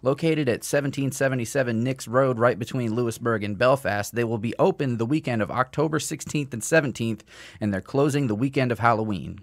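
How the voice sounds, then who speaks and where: A man's voice: medium pitch, brisk, few pauses, dry recording. A man co-hosting a casual comedy podcast, telling profane, ranting stories. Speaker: podcast co-host. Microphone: podcast mic.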